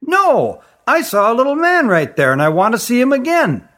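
A man doing a high, eager little girl. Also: wildly swooping pitch, normal speed, a bit bright, full character voice. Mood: insistent. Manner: eager, pleading. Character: curious little human girl.

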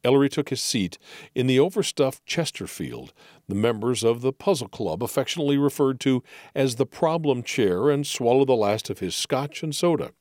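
A man narrating an audiobook of mystery stories in an expressive storytelling manner, close to the mic. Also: medium pitch, moderate pace, no room sound.

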